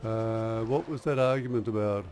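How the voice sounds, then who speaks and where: A man's voice: fairly low pitch, moderate pace, a little mellow, soft background music. A man casually commenting while playing a role-playing game, laid-back and dry. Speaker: game player. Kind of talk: casual let's-play commentary.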